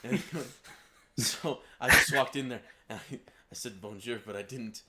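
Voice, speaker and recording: A man's voice: medium pitch, unhurried, heavy background noise. A man with a Texas accent, co-hosting a podcast and telling a rambling anecdote full of fillers. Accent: Texan. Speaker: podcast co-host. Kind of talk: casual storytelling.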